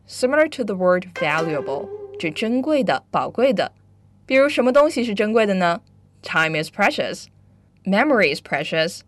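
A woman teaching English vocabulary and grammar, explaining slowly and clearly and moving between Chinese and English. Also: mid-range voice, very animated, dry recording. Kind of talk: bilingual English lesson.

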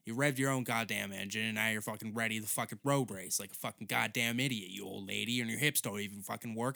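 A man's voice: on the low side, fast, creaky, few pauses, bright, forceful tone, no echo, clean studio sound. A young man doing a rambling, profane comedic monologue as a podcast host.

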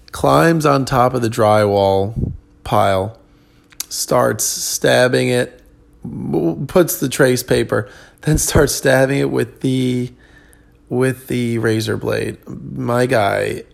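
A man with a very gravelly, creaky voice chats alone on his podcast, worn out and loose. He wanders from thought to thought, full of ums and self-corrections, at a mid pitch. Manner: rambling, many ums and restarts. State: tired. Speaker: comedian podcast host. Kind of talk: casual solo chat.

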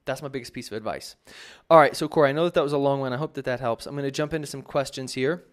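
Male producer, mid-pitched, casual Q&A host, rambling delivery with lots of fillers. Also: very fast. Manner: rambling, many fillers and restarts. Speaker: music producer answering viewer questions. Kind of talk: casual advice talk.

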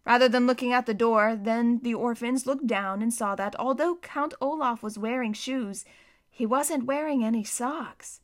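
A woman reading a children's novel aloud as narrator, expressive and acting out the scenes. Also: a little high, normal speed. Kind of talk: audiobook narration.

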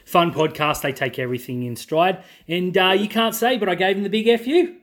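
A man's voice: high-pitched, brisk, a bit bright. A man co-hosting a podcast, chummy and easygoing, often restarting his words. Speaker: podcast co-host. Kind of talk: casual podcast chat.

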